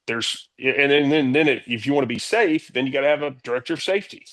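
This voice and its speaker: Man, CEO guest, casual interview storytelling, energetic, blunt, swears, mid-pitched voice. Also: quick pace. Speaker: company CEO, podcast guest.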